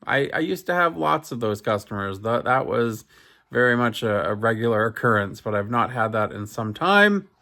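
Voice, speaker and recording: Barber rambling through a story. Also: male voice, lowish voice, sharp tone. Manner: rambling, amused, full of fillers. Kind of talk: casual storytelling to camera.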